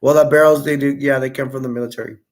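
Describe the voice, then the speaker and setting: A man's voice: medium pitch, fairly even intonation. Rambling man hosting a casual stream. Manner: rambling, halting storyteller; reads viewer comments aloud. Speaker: livestream host. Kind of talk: casual livestream chat.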